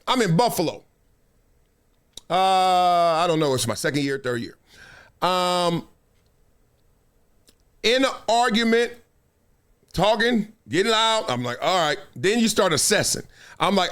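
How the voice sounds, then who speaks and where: A man hosting a show, telling a story in a casual, slangy way, with repeated phrases and voices for the people he quotes. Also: high-pitched. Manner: animated, acts out quotes in voices. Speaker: show host.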